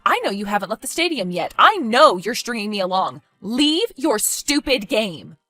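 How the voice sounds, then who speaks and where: A woman voicing an anxious young woman babysitting her boyfriend's daughter, pleading and quick to raise her voice in an animated story. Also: medium pitch, dry recording, soft background music. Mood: exasperated. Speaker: stepmother-to-be left babysitting.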